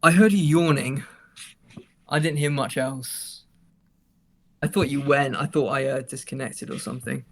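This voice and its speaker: Man, gravelly fry in his voice, relaxed and self-assured, casual stream chat. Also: mid-range voice, measured pace, pauses often. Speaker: co-host, artist.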